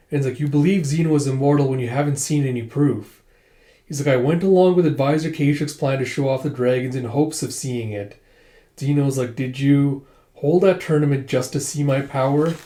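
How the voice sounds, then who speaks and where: A man talks through a manga chapter in an easygoing way, quoting characters with lots of "he's like" and "it's like." His voice is mellow and dark in tone. It sounds like an echoey room. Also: mid-range voice. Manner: retells the plot with many "he's like" quotes, voicing lines loosely. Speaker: manga reviewer. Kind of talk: casual recap of a manga chapter.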